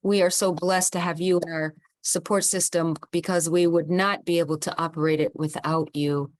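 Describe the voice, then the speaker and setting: A woman's voice: lowish voice, steady tone, normal speed, no echo. A woman hosting the close of an online summit over a video call, effusive and heartfelt, leading a guided visualization. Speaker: summit host. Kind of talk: closing remarks on a video call.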